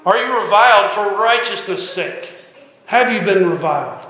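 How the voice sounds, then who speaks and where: A man's voice: sits high, lively intonation, slow pace, pushed and bright, slight background noise. A man preaching a sermon, pressing listeners with repeated rhetorical questions. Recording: heavy echo, long hall reverb.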